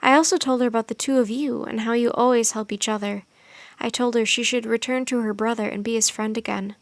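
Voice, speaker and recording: A calm, wise girl speaks softly and gently, as a woman reads her part. The storybook voice is quiet and close. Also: a little high, fairly quick, dry recording, natural voice. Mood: gentle. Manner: soft, gentle.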